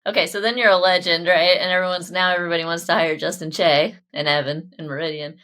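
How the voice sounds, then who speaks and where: A woman's voice: lowish voice, steady tone, quick pace, a bit bright. A woman hosting a podcast interview, prompting her guest with eager, encouraging questions. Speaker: podcast host.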